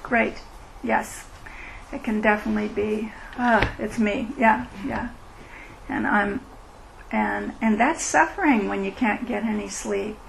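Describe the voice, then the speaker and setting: A middle-aged woman leading a meditation retreat, speaking in a gentle, unhurried, reflective way as she answers questions. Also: medium pitch, gravelly, slight background noise, low-quality recording. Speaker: meditation teacher. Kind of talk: dharma talk with Q&A. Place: retreat meeting room.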